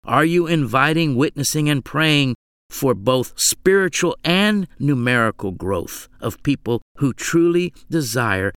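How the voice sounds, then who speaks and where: A man preaching a sermon, measured and emphatic, stacking phrases into parallel lines. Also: mid-range voice, animated, fairly bright tone, smooth, no echo, studio quality.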